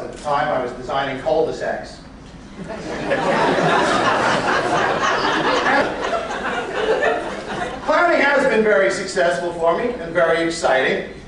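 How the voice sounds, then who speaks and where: A middle-aged man giving a humorous motivational speech, an animated storyteller acting out scenes. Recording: echoey hall, mic far off, low rumble.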